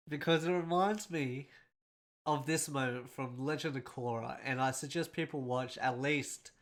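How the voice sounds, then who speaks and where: A man's voice: medium pitch, vocal fry, fairly bright tone. A man hosting a casual film breakdown, speaking in a rambling and emotional way with a congested, nasal voice. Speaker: host.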